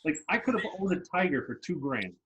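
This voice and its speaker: A man's voice: on the high side, sing-song, fairly quick, a bit bright, slight background noise, low-quality recording. A man co-hosting a casual podcast chat, rambling and filling his talk with "like". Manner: rambling, peppered with "like". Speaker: podcast co-host.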